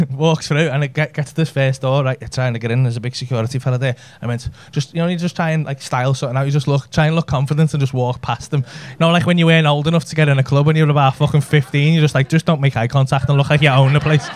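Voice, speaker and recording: A man's voice: a little high, fairly even intonation, quick pace. A man, telling a brash, sweary story in a stand-up set. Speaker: stand-up comedian. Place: comedy club stage with audience laughter.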